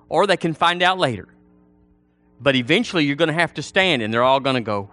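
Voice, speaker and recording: Animated preacher, bright voice. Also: male voice, a little high, brisk, no room sound, faint music behind. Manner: folksy and animated, mimics people in funny voices. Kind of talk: sermon.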